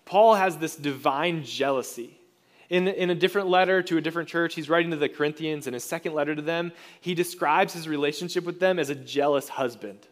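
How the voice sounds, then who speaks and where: A man's voice: a little high, brisk. A man preaching a sermon as pastor, earnest and conversational, often restarting phrases.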